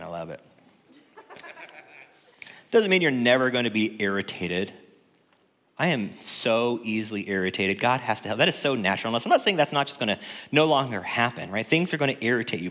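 Low-voiced pastor preaching in a reverberant hall. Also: male voice. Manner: conversational, joking, swings between loud and hushed. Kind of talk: sermon. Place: church sanctuary. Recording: long reverb in a church hall.

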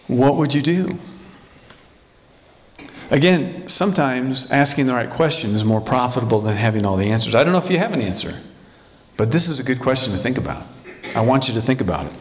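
A pastor in his sixties preaching a sermon, emphatic, with rhetorical questions and repeated words. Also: medium pitch. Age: 60s.

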